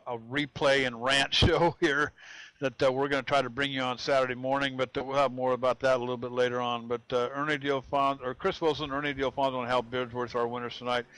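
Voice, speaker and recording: A man's voice: mid-range voice, fairly bright tone, no echo, poor audio. A man doing play-by-play commentary on a sim race, folksy and chatty, often repeating "I'll tell you what.".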